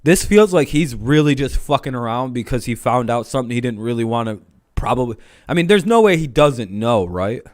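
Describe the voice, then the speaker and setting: A man's voice: medium pitch, lively intonation, a little fast, no room sound, clean studio sound. A young man hosting a live stream, rambling and swearing in casual chat while watching a game. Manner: rambling, profane, laughs often. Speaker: streamer host.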